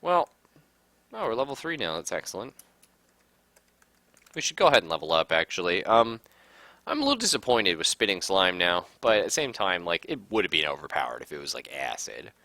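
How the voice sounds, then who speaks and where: This let's-play streamer has a deep voice and a bright, forceful delivery, speaking a little fast and with lots of animation. He reads the on-screen text aloud, reacts with abrupt outbursts and curses, and the audio is dry.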